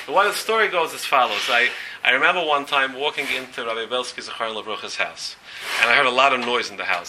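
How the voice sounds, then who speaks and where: A man's voice: mid-range voice, noisy background. A man giving a Talmud lecture as rabbi to a class, talking emphatically and firing questions at the room. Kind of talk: Talmud lecture with interjections from students.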